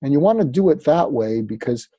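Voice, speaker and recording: Here the psychiatrist-author guest speaks briskly with lively intonation, his medium-pitched voice mellow yet slightly rough and free of echo. He talks through his advice casually, filling it with fillers and playing out example conversations.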